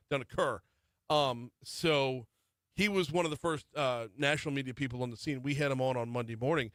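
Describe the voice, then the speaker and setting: A middle-aged man hosts morning talk radio from a studio, with an even, mid-range voice. He reads through the top stories but keeps breaking off into conversational asides. The sound is dry and close on the mic. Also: mid-range voice, dry recording. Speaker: radio morning show host. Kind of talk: talk radio news rundown. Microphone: studio microphone.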